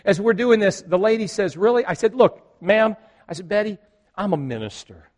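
Lively, animated preacher telling a story. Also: male voice, high voice, normal speed. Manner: animated storytelling, acting out other people's lines. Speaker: pastor. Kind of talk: sermon with personal story.

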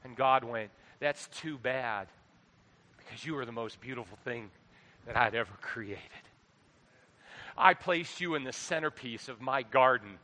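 A middle-aged man preaching a sermon into a microphone, animated, swinging between quiet asides and loud exhortation. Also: mid-range voice, unhurried, pauses often. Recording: long hall reverb.

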